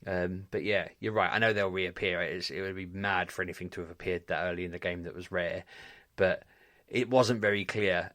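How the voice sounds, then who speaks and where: Rambling man, low dry voice. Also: a bit bright, no echo. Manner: rambling, self-mocking, lots of restarts. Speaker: podcast co-host. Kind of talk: casual chat.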